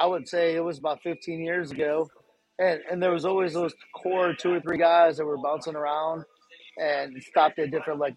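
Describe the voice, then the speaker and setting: A man's voice: on the high side, gravelly, breathy edge, poor audio. A man who is the guest, a fan club chapter president, chatting in a laid-back, easygoing way. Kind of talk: casual chat.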